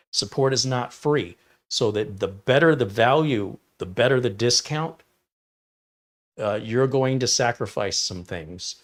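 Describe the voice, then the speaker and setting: A man hosting a casual tech livestream, rambling and opinionated as he reads chat comments aloud and reacts to them. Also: medium pitch. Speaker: livestream host reviewing mini PCs.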